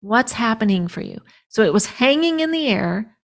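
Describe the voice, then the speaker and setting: A woman hosting a podcast who retells a story expressively, slowing down for emphasis and affirming her guests. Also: a little high, expressive. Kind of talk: casual conversational storytelling.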